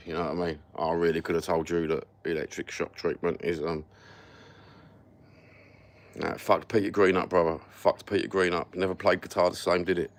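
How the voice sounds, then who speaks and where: A Cockney man ranting sarcastically and swearing constantly as he chats on a live stream. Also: low voice. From London. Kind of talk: casual live-stream rant.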